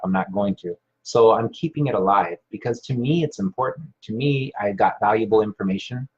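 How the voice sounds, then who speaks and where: A man hosting a live stream, casually rambling with many fillers and restarts while reading viewer comments. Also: lowish voice. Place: Hawaii. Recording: dull lo-fi sound.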